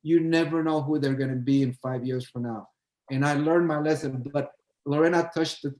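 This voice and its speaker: An older man with a fairly high voice tells a long story in a relaxed chat. He acts out every voice in it, lively and expressive. The room around him is echoey. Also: normal speed. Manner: animated, acts out both sides of remembered dialogue. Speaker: guest, choreographer and dancer.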